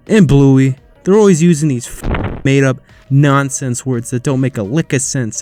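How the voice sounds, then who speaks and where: A man rants in mock outrage as a comedy host, swearing freely and overplaying his indignation. His voice sits at an ordinary pitch, with faint music behind him. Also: moderate pace, warm tone. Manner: profane, over-the-top mock indignation.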